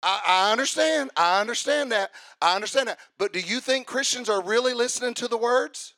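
Fiery high-voiced preacher. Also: male voice, a little fast. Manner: swings from hushed asides to shouted emphasis. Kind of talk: fiery sermon.

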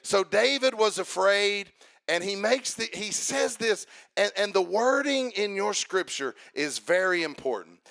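A man preaching a sermon in a church, calling for amens and rising into shouted, sing-song lines. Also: high-pitched, lively intonation, measured pace.

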